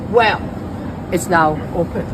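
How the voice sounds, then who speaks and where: Slow halting woman, city noise behind. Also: on the low side. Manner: slow, halting, many fillers. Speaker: mayor. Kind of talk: public announcement video.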